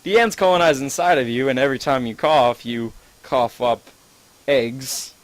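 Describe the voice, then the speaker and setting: A man's voice: medium pitch, normal speed, no echo, rough recording. Man spinning a rambling gross-out story. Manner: rambling, profane, gleefully gross, many "like"s. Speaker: storyteller among friends. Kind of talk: improvised absurd story to a friend.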